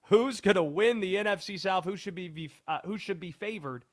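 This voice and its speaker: A man hosting a sports talk radio show, speaking in a measured, emphatic way and putting questions to his co-host. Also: high voice.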